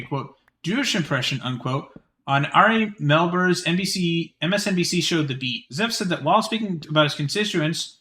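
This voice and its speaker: Male streamer, higher pitch, reads articles aloud with offhand commentary. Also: sharp tone. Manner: quick chatty reading with many fillers and restarts. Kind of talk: reading an article aloud with casual asides.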